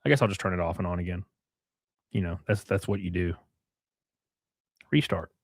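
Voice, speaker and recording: A man's voice: deep voice, normal speed, breathy edge, dry recording, clean studio sound. Blunt, profane male streamer. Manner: profane, blunt, reads out viewer messages. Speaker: livestream host. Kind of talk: casual livestream chat.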